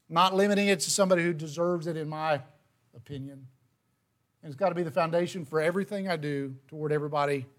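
High-voiced man preaching a sermon. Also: fairly bright tone. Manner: earnest, conversational, reads scripture aloud.

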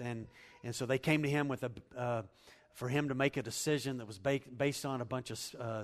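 A man preaching a sermon, climbing to loud emphatic peaks and dropping low, asking listeners to fill in words. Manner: asks the congregation to fill in words. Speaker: pastor.

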